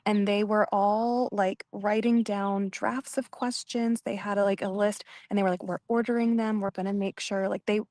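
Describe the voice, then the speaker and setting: A woman co-hosting a live broadcast, chatty and excitable, stringing thoughts with "like". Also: mid-range voice, no room sound. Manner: chatty and excitable, talks in runs with "like". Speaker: co-host of the broadcast. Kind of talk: casual commentary chat.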